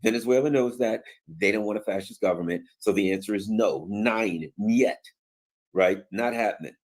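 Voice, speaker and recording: Sarcastic man ranting in a low voice. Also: normal speed. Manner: sarcastic, acts out mocking voices; colloquial, many fillers and asides. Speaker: commentator. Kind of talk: political commentary rant.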